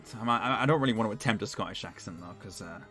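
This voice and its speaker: A man with a Northern English accent commenting casually on a game playthrough, chatty and quick to laugh, with faint music behind. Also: on the low side, sharp tone. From north of England. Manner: chatty, laughs often, self-deprecating. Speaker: streamer.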